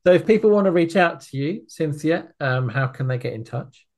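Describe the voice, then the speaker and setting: A woman hosting an interview podcast, a responsive listener with brief affirmations and gentle laughs. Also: deep voice, lively intonation, a little fast. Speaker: podcast host.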